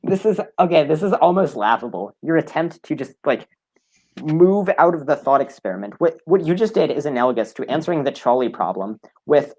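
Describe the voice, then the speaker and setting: A man's voice: a little high, expressive, a little mellow, rough recording. A man in a heated debate, pressing the same question again and again. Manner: presses the same question repeatedly, quick and insistent.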